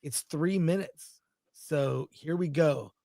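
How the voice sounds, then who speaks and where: A man's voice: a little high, slow pace, gravelly, warm tone, dry recording, clean studio sound. A man co-hosting a casual film chat, talking in an enthusiastic, chatty way and describing what he sees on screen. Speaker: podcast co-host.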